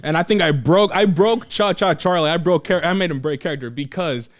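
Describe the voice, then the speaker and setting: A young man, a wrestler, telling a story in a casual podcast chat, animated and laughing often, acting out what others said. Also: a little high, a little fast.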